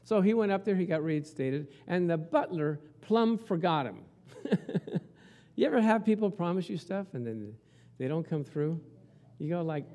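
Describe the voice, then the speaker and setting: Chatty pastor with a fairly high voice. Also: male voice, lively intonation, moderate pace, dark tone. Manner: chatty, asks the congregation rhetorical questions. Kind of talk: conversational sermon.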